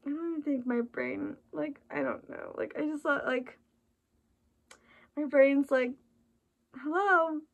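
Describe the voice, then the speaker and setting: A woman's voice: sits high, fairly even intonation, measured pace, creaky, pauses often, a little mellow. A woman chatting in a casual, rambling way, full of restarts and "like", sounding tired and emotional. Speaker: vlogger reacting to an album.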